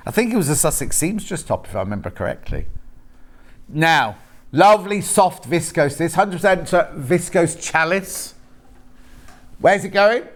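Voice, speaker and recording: A man on a live shopping channel reads out fabric prices in chatty, jokey sales patter and banters with the crew off camera. His voice is fairly high with lively intonation, and he speaks a little slowly.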